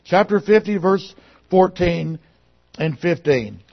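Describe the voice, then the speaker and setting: Guy preaching a sermon, kinda husky and a bit high, goes loud then drops way down quiet, muffled lo-fi recording. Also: lively intonation, slow. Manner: dynamic, swinging between loud emphasis and quiet lowered tones.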